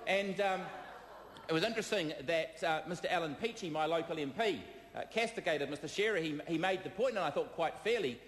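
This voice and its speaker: A man with a New Zealand accent giving a parliamentary debate speech, combative and halting, with many fillers, repeated phrases and replies to hecklers. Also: fairly high pitch. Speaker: member of parliament. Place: debating chamber. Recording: echoey chamber with long reverb.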